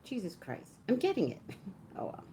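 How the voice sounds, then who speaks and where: A woman's voice: on the high side, wildly swooping pitch, normal speed, warm tone, a little hiss or hum. A woman hosting a casual live stream from home on a phone, chatting, laughing often and greeting viewers by name. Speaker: livestream host. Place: indoors at home, dim lighting. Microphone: phone livestream.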